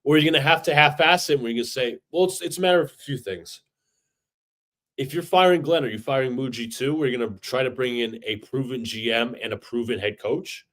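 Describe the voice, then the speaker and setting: A man hosting a live fan stream, venting his frustration in a steady medium-pitched voice. He keeps circling back to the same points and restarts his sentences often, sounding worn down rather than loud. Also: fast talker, few pauses. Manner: frustrated, repetitive, stumbling restarts. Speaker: fan podcast host. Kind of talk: livestream rant.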